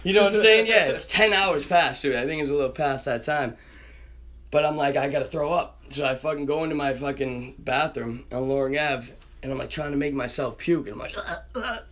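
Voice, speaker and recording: A man's voice: mid-range voice, fairly quick. A young man telling a wild story in casual chat, swearing constantly and acting out the voices of the people in it. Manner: animated, swears constantly, acts out quoted voices. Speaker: podcast guest storyteller.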